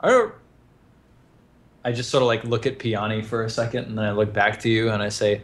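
A man's voice: lowish voice, fairly even intonation, brisk, long pauses. A man playing a tabletop game, talking casually with rambling fillers. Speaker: player.

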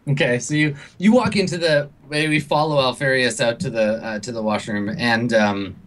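A man narrates scenes as game master for a tabletop role-playing game. He speaks haltingly, with many pauses and filler sounds between his descriptions. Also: medium pitch, a bit bright, a little hiss or hum. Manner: halting, full of ums and uhs.

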